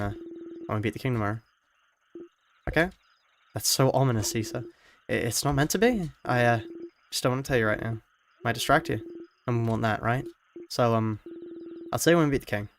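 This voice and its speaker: A man doing an awkward hushed young man. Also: medium pitch, a little hiss or hum, close to an everyday voice. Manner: quiet, halting. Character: awkward young male companion.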